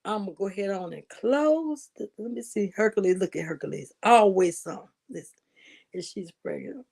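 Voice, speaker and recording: A woman hosting a casual gossip livestream, animated and laughing often, with drawling asides to her viewers. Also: medium pitch, fairly quick, vocal fry, breathy edge. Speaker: livestream host.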